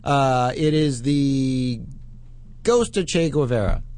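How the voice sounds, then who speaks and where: A man co-hosting a comedy podcast, teasing and tossing out quick comebacks. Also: mid-range voice, darkish tone, smooth, no room sound. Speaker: podcast co-host. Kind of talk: casual comedic podcast banter.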